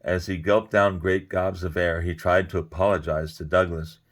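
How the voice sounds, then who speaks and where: Deep-voiced man reading a story. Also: normal speed. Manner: expressive, animated reading. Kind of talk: reading a children's story aloud.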